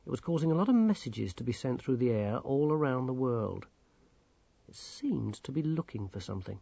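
A man narrating an audiobook in a measured, expressive way. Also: mid-range voice, creaky, slightly rough, no room sound. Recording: dull, dry recording.

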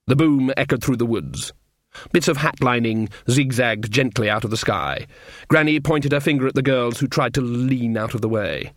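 A man narrating an audiobook with a dry, wry, even delivery. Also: medium pitch, moderate pace, no echo.

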